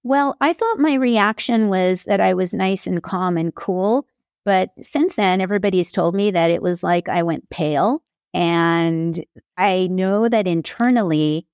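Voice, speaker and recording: A woman's voice: medium pitch, a little mellow, no room sound, studio quality. A woman from California, a memoir author, candidly telling her own story as a podcast guest, lifting her voice when she quotes others. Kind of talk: personal storytelling in a podcast interview.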